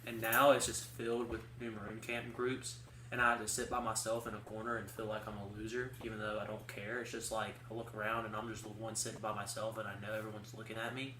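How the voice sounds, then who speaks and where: A man's voice: lowish voice, level tone, fast, sharp tone. A young man co-hosting a podcast, rambling through casual stories in a chatty way, full of fillers. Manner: rambling, chatty storytelling with many likes. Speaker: podcast co-host. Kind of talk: casual chat. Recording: roomy sound from a distant mic with faint hiss.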